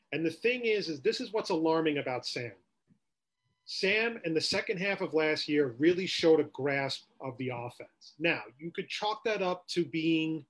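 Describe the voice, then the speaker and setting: A man co-hosting a sports podcast, ranting with rhetorical questions in casual talk. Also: a little high.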